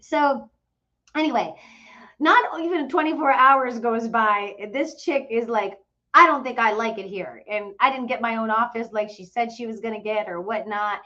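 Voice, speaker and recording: A woman's voice: a little high, moderate pace, sharp tone, dull audio. A woman casually telling a travel story to her followers, chatty and full of fillers and quoted dialogue. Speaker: host of a travel group channel.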